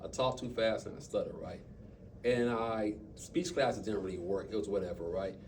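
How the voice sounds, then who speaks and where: A man telling stories and coaching his team in an impromptu motivational talk, animated, with quick bursts and trailing asides. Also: fairly low pitch, recorded from a distance, slight background noise. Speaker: speaker at a team meeting.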